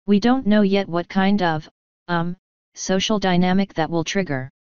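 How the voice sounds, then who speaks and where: A woman's voice: medium pitch, steady tone, normal speed, a little mellow, clear, resonant tone, dry recording, natural voice. A woman voicing an exasperated, officious male lab technician. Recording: slightly dull, lo-fi.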